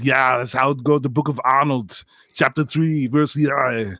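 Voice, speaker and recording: A man's voice: medium pitch, fairly even intonation, a little slow, fairly bright tone, no echo, studio quality. A man chatting playfully on a Christian livestream panel, joking and often trailing off mid-thought. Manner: jokey, playful, trails off and restarts. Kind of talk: casual chat.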